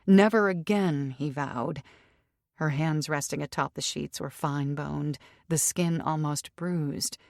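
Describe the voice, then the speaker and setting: Low-voiced woman narrating an audiobook. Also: slow, vocal fry, a little mellow, no echo, studio quality. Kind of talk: scripted narration.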